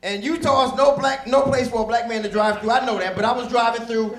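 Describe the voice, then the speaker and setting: A man doing a loud, hyped stand-up set on a club stage, repeating his punchlines. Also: very high-pitched, steady tone, quick pace. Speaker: stand-up comedian. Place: comedy club stage with audience. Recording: roomy live club recording with loud audience.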